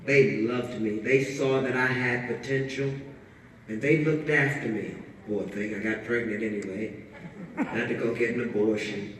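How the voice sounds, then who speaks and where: A woman's voice: extremely low pitch, steady tone, moderate pace, slight background noise. A woman author with a sassy, preachy manner, teasing and bantering with an audience at a book talk. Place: carpeted event room with an audience. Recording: echoey hall, voice picked up from far off.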